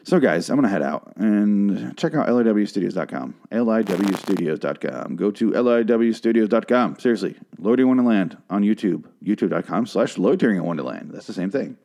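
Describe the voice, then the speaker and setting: Sarcastic ranting podcast man, dark voice. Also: lowish voice, animated, fairly quick, vocal fry, hardly any pauses. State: frog in his throat. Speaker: podcast host recapping a TV episode. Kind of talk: casual solo podcast rant.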